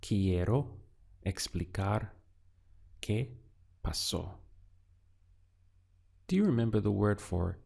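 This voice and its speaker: A male language teacher speaks in a very low, gravelly voice with a husky edge. He talks slowly and patiently, posing prompts and leaving room for the learner to answer. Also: expressive, a little mellow. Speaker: Spanish teacher. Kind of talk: audio language lesson.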